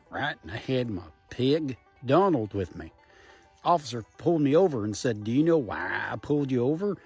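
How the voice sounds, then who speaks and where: Gravelly folksy man telling jokes. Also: medium pitch. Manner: folksy, drawling storyteller with rural slang. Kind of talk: deadpan joke telling in a country persona.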